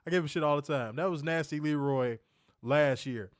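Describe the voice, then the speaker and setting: A man's voice: a little high, moderate pace, no room sound, clean studio sound. A man hosting a podcast, telling a story in a loose, profane way and laughing often. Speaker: podcast host. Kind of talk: casual storytelling chat.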